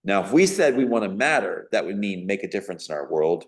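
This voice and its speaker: A man's voice: deep voice, big pitch swings, fast talker. A man being interviewed as a guest, giving a long, rambling personal account in an emphatic, indignant tone with frequent fillers.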